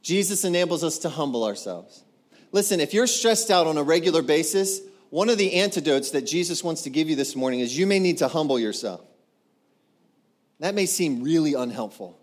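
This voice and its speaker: A man, a pastor, preaching a sermon in an animated way, acting out quoted voices and building to loud exclamations. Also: on the high side, a little fast.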